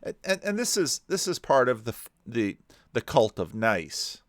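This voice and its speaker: A man pausing a video to comment on it, rambling and restarting his sentences often. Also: medium pitch, very animated. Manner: digressive, frequent restarts and repeated words.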